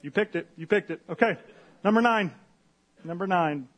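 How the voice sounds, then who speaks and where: Man, pastor, casual sermon, chatty asides, husky tone. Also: high-pitched, normal speed. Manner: conversational, animated retelling with asides.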